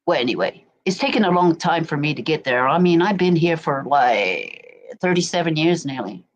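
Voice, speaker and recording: A woman from Berkshire, England speaks with a low, expressive voice at a normal speed. As a guest on a home live stream, she chats casually and tells stories, often asking "do you know what I mean". No external mic is plugged in.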